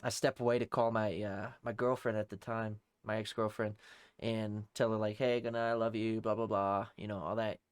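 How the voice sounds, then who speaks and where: A young man co-hosting a podcast, telling a rowdy story in casual talk, swearing heavily and shouting out the lines of people in it. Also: fairly low pitch, level tone, moderate pace, smooth, no room sound. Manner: heavy swearing, acts out shouted quotes. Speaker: podcast co-host.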